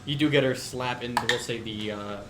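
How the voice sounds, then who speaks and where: A man's voice: medium pitch, normal speed. A young man running a tabletop game as game master, laid-back with many fillers and laughs. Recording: echoey room with faint noise.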